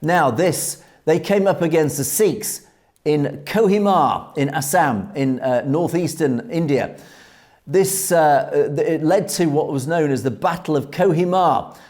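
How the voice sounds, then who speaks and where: A man hosting a news commentary show, telling military history in an earnest, measured way with frequent hesitations. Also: on the high side, a little mellow.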